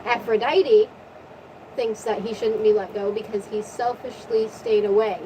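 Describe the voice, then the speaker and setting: A woman retelling a story in a casual, profane, animated rant, her voice tiring from long talking. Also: medium pitch, slight background noise, low-quality recording. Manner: animated, profane, rapid recap. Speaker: vlogger.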